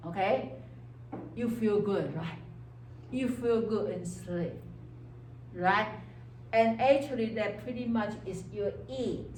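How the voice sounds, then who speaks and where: A woman's voice: medium pitch, slow pace, long pauses, darkish tone, far from the mic, slight background noise. A woman lecturing on psychology to a class. She speaks English with non-native grammar and keeps checking in with "okay?" while acting out inner voices. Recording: echoey classroom heard from afar.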